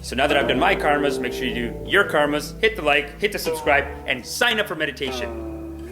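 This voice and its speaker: Fast-talking man telling stories. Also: on the high side, loud music behind the voice. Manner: rapid, animated storytelling with quick restarts. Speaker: comedian and podcast host. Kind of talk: casual vlog storytelling.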